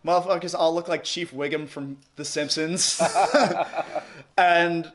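A man's voice: fairly high pitch, steady tone, slow pace, fairly bright tone. A young man with a New York accent telling a rowdy story in casual chat, rambling, cursing and laughing often. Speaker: podcast guest.

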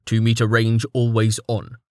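A man narrating a fantasy webnovel audiobook in a steady, even reading voice. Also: on the low side, moderate pace, no room sound, clean studio sound. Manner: steady, even reading, stat lists read out plainly.

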